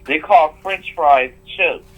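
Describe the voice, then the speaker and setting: A man's voice: fairly high pitch, takes it slowly. A man on a muffled call line, chatting casually with a stream host. He stops and restarts often to hunt for words, and laughs along the way. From United States. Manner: hesitant, many ums and restarts, laughs. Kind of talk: casual chat.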